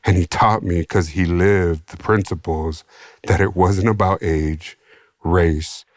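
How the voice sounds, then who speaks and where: A man from San Diego, a podcast guest, telling his own story in an animated, slangy way with free swearing. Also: deep voice, slow pace, no room sound, clean studio sound. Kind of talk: casual storytelling.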